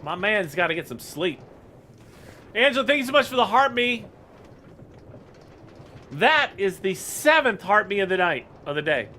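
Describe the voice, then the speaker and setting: A man's voice: high voice, very animated, normal speed, long pauses, bright, forceful tone, a little hiss or hum. A man casually chatting on a live game stream, greeting viewers by name and rambling with fillers.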